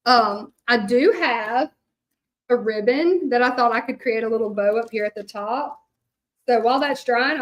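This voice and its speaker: Middle-aged woman, Louisiana accent, slightly high pitch, casual craft chat, lots of fillers. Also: a bit bright. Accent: Louisiana Southern. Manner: chatty, rambling, many fillers, talks to viewers. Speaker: hand-lettering artist.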